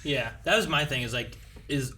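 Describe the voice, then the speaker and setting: A man's voice: mid-range voice, moderate pace, pushed and bright, a little hiss or hum. Rambling man in casual talk. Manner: rambling, hesitant, many fillers. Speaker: co-host. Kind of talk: casual group discussion.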